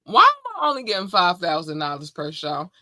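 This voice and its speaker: A bubbly woman, chatting on a podcast. Her voice is bright and swings all over, and the recording is close and dry. She gushes, teases and laughs her way through the talk. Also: fairly low pitch, wildly swooping pitch, fairly quick, dry recording. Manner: bubbly and effusive, shouting out listeners. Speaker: podcast co-host. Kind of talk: casual podcast chat.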